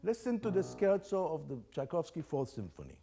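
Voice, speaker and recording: Brisk and sing-song, a slightly high male voice guides young players through a music master class. The older man is playful and encouraging, singing phrases aloud to demonstrate, while chamber music plays faintly underneath.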